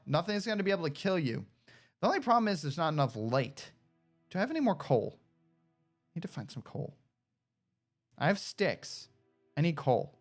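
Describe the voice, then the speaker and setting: A woman giving casual gameplay commentary, excitable, talking to herself and coaxing a pet along. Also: lowish voice. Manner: animated, talks to herself and coaxes a pet pig; excitable shouts and cheers. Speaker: gaming streamer.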